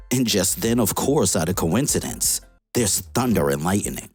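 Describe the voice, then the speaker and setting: Deep, lively comic book reviewer. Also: female voice, moderate pace, husky, faint music behind. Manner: excited, slangy retelling. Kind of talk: casual comic recap.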